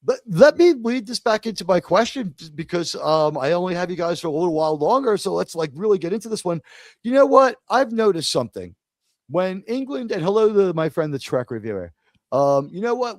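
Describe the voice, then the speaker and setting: Man, from the United States, show host, casual panel chat, animated, jokey, high voice, dry close sound. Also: moderate pace, no room sound. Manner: animated, jokey, theatrical emphasis.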